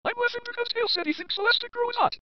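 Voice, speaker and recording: A woman's voice: very high-pitched, racing. A woman voicing Sonic, a cocky teasing hedgehog. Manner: teasing, laughs at friends. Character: cocky young male hedgehog hero. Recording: dull lo-fi home recording.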